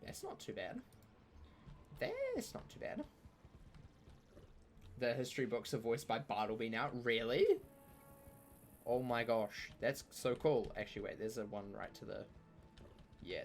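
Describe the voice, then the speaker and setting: A man's voice: fairly low pitch, normal speed, gravelly, soft background music. A man giving chatty, playful live commentary on a game he streams, with joking trash talk aimed at the enemies.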